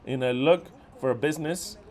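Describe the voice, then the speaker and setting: A middle-aged man leading a ministry, scolding his followers in a profane, exasperated way, swinging from loud outbursts to low muttering. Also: brisk. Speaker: ministry leader.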